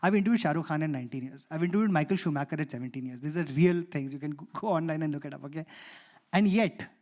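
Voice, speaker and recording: An Indian English man speaks on a conference panel in a slightly high voice. He tells a personal story in an animated way and acts out the dialogue within it. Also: quick pace.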